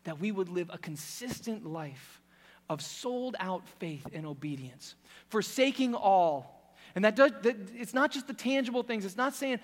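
A man preaching a sermon with passion, swinging from loud emphasis to hushed intensity. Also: sits high, expressive, normal speed, big-room sound.

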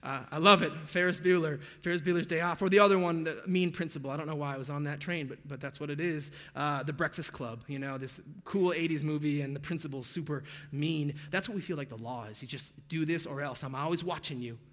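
A man's voice: on the high side, fast, few pauses, a bit bright, long reverb tail. An American man preaching a sermon as pastor, conversational and sprinkled with jokey pop-culture asides. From United States.

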